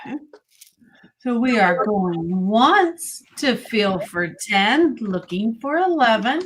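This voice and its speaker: Woman calling bids in measured set phrases; slow, higher voice, faint noise. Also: sing-song, fairly bright tone. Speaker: auctioneer co-host. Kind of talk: live auction calling.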